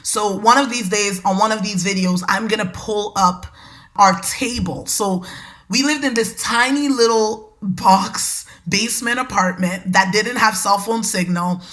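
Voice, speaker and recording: A woman hosting a podcast, telling a personal story in a lively, conversational way and talking straight to her listeners. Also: medium pitch, unhurried. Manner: animated, conversational, addresses listeners as y'all. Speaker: podcast host.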